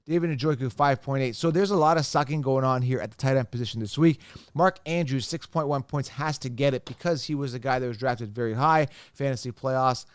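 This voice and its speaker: A man's voice: mid-range voice, a little fast, clean tone, dry recording. Emphatic man hosting a sports show. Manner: emphatic, blunt, salesy. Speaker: fantasy football show host. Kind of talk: energetic solo sports commentary.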